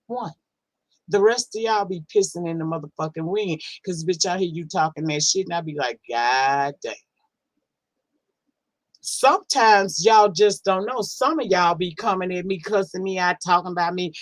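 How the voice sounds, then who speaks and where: A woman's voice: fairly low pitch, no room sound. A woman hosting a casual livestream, reading out chat comments in a blunt, profane, sassy way and drawling words for emphasis. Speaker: livestream host.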